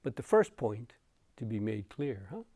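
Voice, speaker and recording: Slow, unhurried male meditation teacher. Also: on the low side, very animated, no echo. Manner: slow, storytelling, with soft chuckles. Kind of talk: dharma talk.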